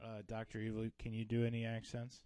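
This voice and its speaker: A man co-hosting a comedy podcast, telling a story in casual chat, swearing freely and dropping to low mumbles. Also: completely flat delivery, fairly quick, warm tone, clean tone, dry recording. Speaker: podcast co-host.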